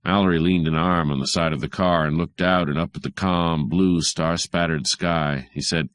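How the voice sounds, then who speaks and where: Male audiobook narrator, very low voice, measured and even delivery. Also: dry recording, studio quality. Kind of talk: audiobook reading of hardboiled fiction.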